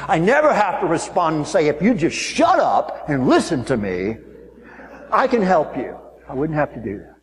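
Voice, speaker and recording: Pastor guy preaching, kinda high voice, lots of echo from a big church hall. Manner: animated storytelling, mimics people in high voices. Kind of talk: sermon. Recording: long reverb of a large hall.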